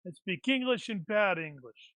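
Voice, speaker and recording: A man playing a tabletop role-playing game, bantering and joking with the group. His voice sits a little high and sounds bright, recorded dry and close. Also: animated, normal speed, no echo, poor audio. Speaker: player. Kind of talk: casual tabletop play.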